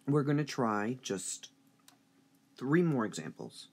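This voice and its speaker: A man teaching a high school English review lesson, speaking slowly and deliberately and drawing out stressed syllables. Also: sing-song, a little mellow, husky.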